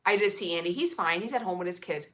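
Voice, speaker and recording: A woman's voice: on the low side, animated, quick pace, fairly bright tone. A young woman chatting casually with her live-stream viewers, sassy and blunt, full of slang and swearing. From Illinois, USA. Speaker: vlogger reading live chat.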